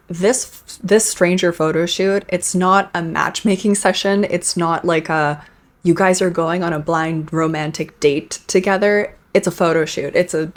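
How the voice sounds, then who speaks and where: A woman with a lowish voice hosts a casual commentary, talking through clips in a chatty way and often restarting her sentences. She sounds conversational and unscripted. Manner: chatty, with frequent restarts and laughs. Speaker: commentary channel host.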